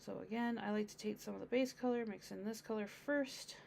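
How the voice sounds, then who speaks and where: A woman's voice: mid-range voice, fairly quick, vocal fry, hardly any pauses, a little mellow, slight background noise. A woman streaming a casual painting tutorial, chatting with her audience and thinking aloud as she works.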